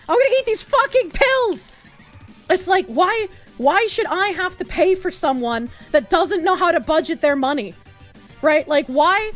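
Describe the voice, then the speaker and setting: A woman streamer ranting angrily at her chat, swearing and breaking into shouts. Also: extremely high pitch. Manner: angry, swearing, bursts into shouts.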